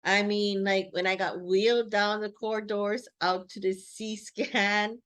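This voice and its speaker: Woman vlogger chatting slow outside, rambly, lots of "you know", laughs a bunch. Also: medium pitch, flat delivery, a bit bright. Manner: laughs often while talking. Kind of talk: casual reflective vlog monologue. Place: sitting outdoors.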